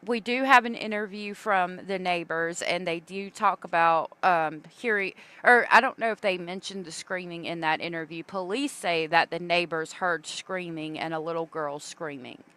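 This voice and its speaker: Female stream host, casual and rambling, smooth lower-pitched voice. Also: normal speed, hardly any pauses, fairly bright tone. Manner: chatty, reads viewer comments aloud, many fillers. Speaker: true crime livestream host. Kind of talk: casual livestream commentary.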